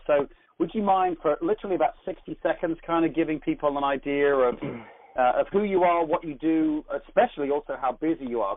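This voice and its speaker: A man's voice: medium pitch, no room sound. An Englishman hosting a coaching conference call, talking in an upbeat, chatty way with lots of fillers and asides. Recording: phone line.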